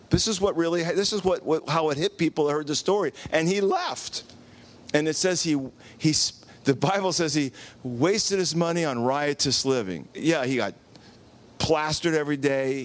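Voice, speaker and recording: A man preaching a casual Sunday-night sermon, telling a story with acted-out quotes and questions to the congregation. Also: on the high side. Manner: animated, acts out quotes, asks the congregation questions. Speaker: pastor. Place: church.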